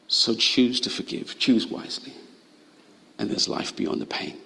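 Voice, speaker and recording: A male pastor preaching a sermon, telling stories and acting out the voices of the people in them with sudden high cries. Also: very animated, a little fast, creaky, fairly bright tone, a little hiss or hum. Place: college chapel or hall. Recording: long hall reverb.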